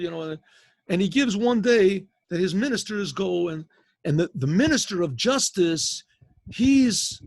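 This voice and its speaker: A male rabbi tells a story in a relaxed, halting way, often repeating words and adding asides. His voice sits high with a husky edge. He is heard dry and close over a video-call mic. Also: dry recording. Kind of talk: informal oral storytelling.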